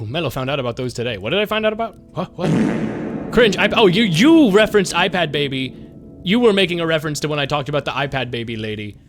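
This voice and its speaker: A man streaming a game live, chatting casually with his viewers, excitable and swearing freely. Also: fairly high pitch. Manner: excitable, swears, talks to chat.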